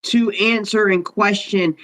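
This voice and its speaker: A man's voice: sits high, fairly even intonation, slow pace, sharp tone, poor audio. Playful man chatting on a couples show. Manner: emotional, playful, addresses listeners directly. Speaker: podcast co-host. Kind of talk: casual chat.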